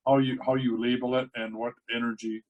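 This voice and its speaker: Male host, mid-pitched, relaxed and affirming, reflective talk. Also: brisk, phone-quality sound. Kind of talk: casual interview conversation.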